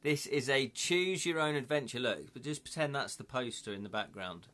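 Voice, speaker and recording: A man's voice: mid-range voice, moderate pace, a bit bright. A man hosting a casual live stream, chatting with viewers, laughing often and reading their comments aloud. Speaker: livestream host.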